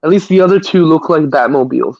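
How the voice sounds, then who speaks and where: A man's voice: on the high side, fast talker, vocal fry, a little mellow, lo-fi sound. A man hosting a live stream, chatting casually about movies in a rambling way, often stammering and restarting.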